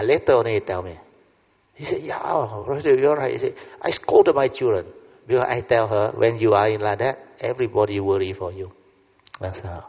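A man's voice: lowish voice, slightly rough. A man, a Buddhist teacher telling a story in a dharma talk and acting out both sides of a conversation. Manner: animated, acts out dialogue, keeps asking "understand?". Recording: dull lo-fi sound with long hall reverb.

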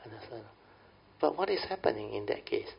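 Middle-aged Malaysian-English man, Buddhist teacher, gravelly voice, folksy Dhamma talk, lo-fi recording. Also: fairly low pitch, normal speed, a little hiss or hum. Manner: folksy, often checks in with "understand?". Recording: dull lo-fi recording.

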